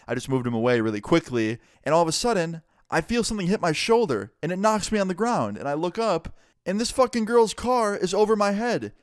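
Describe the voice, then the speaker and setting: A man's voice: smooth, no room sound, clean studio sound. A young man telling a storytime about being wronged, casual and full of swearing, his voice jumping up when he gets worked up. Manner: animated, swears a lot, rises in pitch when riled. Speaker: storytelling vlogger.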